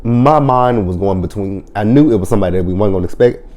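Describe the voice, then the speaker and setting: Reviewer, male: low, mellow voice, swears freely, retells scenes with lively quoted lines. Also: fast. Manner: profane, blunt storytelling. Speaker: TV show reviewer. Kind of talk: casual episode recap review.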